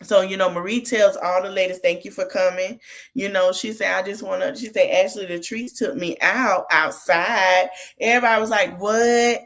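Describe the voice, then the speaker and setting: A woman's voice: medium pitch, fairly even intonation, moderate pace, a bit bright. A woman hosts a podcast and recaps a reality show in easy, casual talk. She keeps stopping to give the cast frank, motherly advice, as if she were talking to them face to face. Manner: chatty, gives motherly advice straight to the cast.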